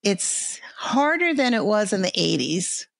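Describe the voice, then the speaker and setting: An older woman with a New York accent chats casually as a guest, halting and restarting often. Her voice sits at a middling pitch and sounds dry and close, with little room around it. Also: sing-song, creaky, a bit bright, no room sound. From New York area. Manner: halting, many restarts and fillers, laughs easily. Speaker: guest artist and illustrator. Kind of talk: casual interview chat.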